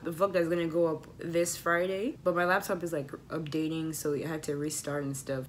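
A young woman chatting casually to camera in a rambling vlog, animated and laughing often. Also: low-pitched, slight background noise. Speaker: vlogger. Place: at home and outdoors in sun.

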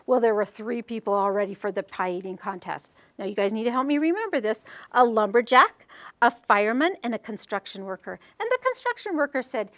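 A woman presenting a storytelling workshop, telling a story with animated, theatrical delivery. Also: medium pitch, normal speed. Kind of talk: live workshop talk and storytelling.

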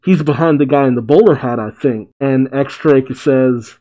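A man's voice: mid-range voice, measured pace, mellow, dull audio. Laid-back man reacting to a comic. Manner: casual, laughing, reads lines aloud with light voices. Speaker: manga reaction host. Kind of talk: reading and reacting to a comic chapter.

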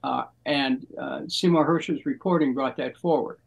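An older American man, a former congressman, speaking as a guest in a measured, deliberate way with frequent pauses. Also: medium pitch, fairly even intonation, vocal fry, poor audio. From United States. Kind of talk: political interview.

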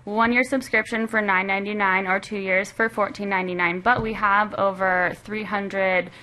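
A woman's voice: medium pitch, fairly even intonation, normal speed, bright, forceful tone, poor audio. A woman, a magazine's managing editor, chatting as a guest on a radio interview in an upbeat, storytelling way.

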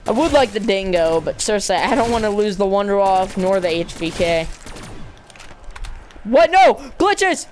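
A woman streams a zombie shooter and talks her way through it in a loose, slangy voice, bursting into excited, gushing exclamations. Her pitch sits in a middle range. A faint background noise runs under the recording. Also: brisk, few pauses. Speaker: gamer streaming zombie mode. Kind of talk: casual live gameplay commentary.

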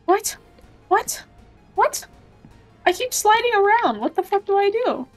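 A woman streaming a video game, reacting loudly and excitably, swearing freely and calling out "bro" while game music plays behind her. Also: very high-pitched, measured pace. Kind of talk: gameplay commentary.

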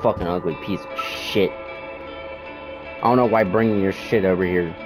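A man's voice: sits low, unhurried. A young man gaming in his bedroom, ranting in frustration and swearing constantly as he plays. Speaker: gamer. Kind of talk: let's play commentary. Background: game music.

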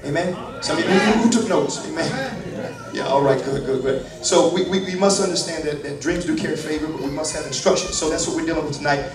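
A man preaches live in a large church hall, his fairly high voice ringing with echo and picked up from some distance. He jokes with the congregation, then rises into shouted praise, with the crowd loud behind him. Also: quick pace. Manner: swings from quiet asides to shouted praise; folksy and joking with the congregation. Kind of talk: live church sermon with call and response. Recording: echoey hall, crowd, from off-mic. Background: congregation responding.

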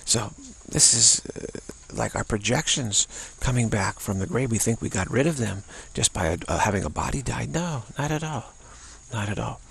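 A man giving an unscripted spiritual talk, halting and repeating words between pauses. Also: on the low side, expressive, fairly bright tone, slight background noise. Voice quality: gravelly, husky. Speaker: spiritual teacher.

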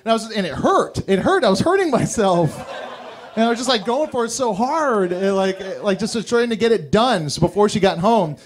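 A man's voice: sits high, lively intonation, moderate pace. A young man performing a stand-up routine, telling crude, rambling, self-mocking stories. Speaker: stand-up comedian. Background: audience laughter.

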